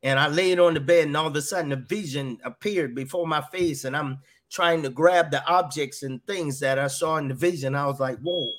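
A man's voice: on the high side, a little fast, hardly any pauses, a bit bright. A middle-aged man earnestly telling a personal faith testimony, often repeating his words as he goes. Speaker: guest sharing a faith testimony.

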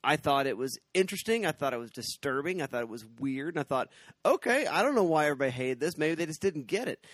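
Weary, deadpan male podcast co-host; slightly high voice, dry recording. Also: fast talker, no room sound. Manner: weary, deadpan, repeats himself. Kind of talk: casual movie review chat.

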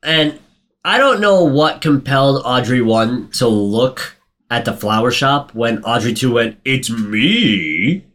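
A man casually recapping a film in chat, telling it with energy, swearing and briefly acting out characters in a higher voice, his throat a little sore. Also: measured pace. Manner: animated storyteller, swears, acts out quotes in a high voice. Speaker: podcast co-host recapping a film.

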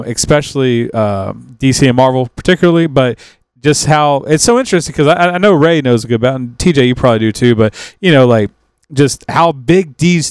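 A man with a smooth, clear voice, recorded dry and close with no room sound. He chats casually as a podcast co-host, rambling with frequent restarts and trailing thoughts. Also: mid-range voice, dry recording. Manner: rambling, relaxed, with many restarts and trailing sentences. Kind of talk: casual chat.

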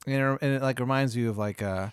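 A man's voice: medium pitch, quick pace, clear, resonant tone, no room sound, studio quality. A man hosting a comedy podcast, spinning a long hypothetical story in a rambling way, full of "like" and "uh". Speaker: podcast host.

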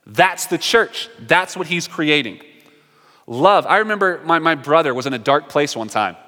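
A man delivers a sermon with a bright, ringing voice that sits somewhat high. He is earnest, pressing some lines hard and dropping others almost to a hush. A long reverb from a large hall trails after his words. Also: lively intonation, moderate pace. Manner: earnest, swings from emphatic to hushed. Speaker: pastor.

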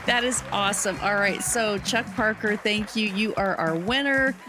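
A woman's voice: mid-range voice, normal speed, music in the background. A woman hosting a casual live stream on leadership, upbeat and enthusiastic and often laughing.

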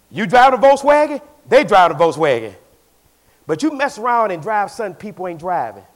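A man preaching a sermon as pastor in a church, swinging between shouted lines and hushed asides. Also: high-pitched, very animated, fairly quick.

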